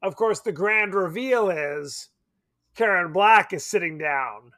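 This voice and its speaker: A man's voice: high voice, lively intonation, takes it slowly, sharp tone, no room sound, studio quality. A man co-hosting a podcast, chatting casually and animatedly about a horror film, laughing and swearing. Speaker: podcast co-host.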